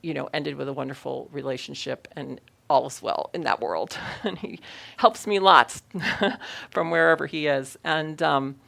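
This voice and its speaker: Gravelly-voiced woman minister telling a story. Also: low-pitched, measured pace, a bit bright. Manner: personal storytelling, laughs often, earnest. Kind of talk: Sunday sermon talk.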